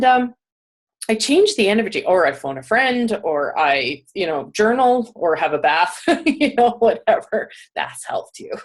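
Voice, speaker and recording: A middle-aged woman talking casually to her viewers, chatty and enthusiastic, often laughing between thoughts. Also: medium pitch. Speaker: vlogger and session facilitator. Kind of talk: casual talk to camera.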